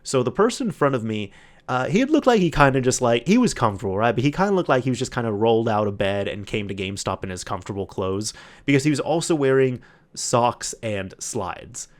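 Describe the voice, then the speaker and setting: A man hosting a solo podcast, telling a long anecdote in a casual, animated way, acting out the other people's lines and often restarting his sentences. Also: medium pitch, fairly quick. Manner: animated retelling with quoted voices, frequent restarts. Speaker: podcast host.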